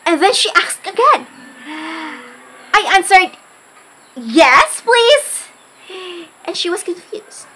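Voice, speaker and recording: A woman giving a humorous storytelling speech, dramatic and animated as she plays her younger self. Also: very high-pitched, measured pace, long pauses, slight background noise, poor audio. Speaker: speaker.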